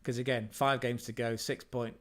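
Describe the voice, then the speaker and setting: A man's voice: medium pitch, little pitch movement, normal speed. A man hosting a casual football livestream, chatty and rambling, with self-mocking asides. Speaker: football podcast host.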